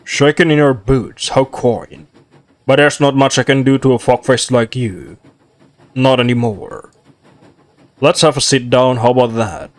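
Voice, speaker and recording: A man voicing an imposing, rude male devil at a bar, with a low, gravelly, mocking drawl. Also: unhurried, close to an everyday voice.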